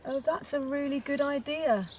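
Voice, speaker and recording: A woman's voice: high voice, normal speed. A Welsh woman hosting a church craft session, chatting playfully and joking at her own expense as she works. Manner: chatty and playful, laughs at herself. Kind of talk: casual craft demonstration. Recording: noisy room with hammering behind. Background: hammering noise.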